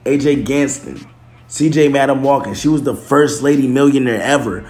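A man's voice: medium pitch, moderate pace, darkish tone. A man talking casually to camera, loose and slangy, swearing, restarting and correcting himself as he goes. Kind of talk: casual chat. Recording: echoey room.

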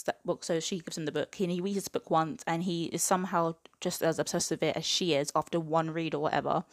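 A young woman in her twenties rants through a casual book review, her voice sitting a little low. She talks in a chatty, exasperated way and fills her sentences with "like". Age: 20s. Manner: exasperated, chatty rant full of "like".

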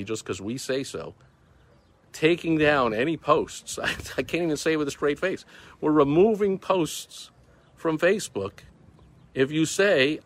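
Emphatic, sarcastic man talking outdoors. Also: lowish voice. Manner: emphatic, sarcastic, repeats words for stress. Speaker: business video host. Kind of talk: casual outdoor video monologue. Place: outdoors in the mountains, breeze. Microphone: phone or camera recording himself.

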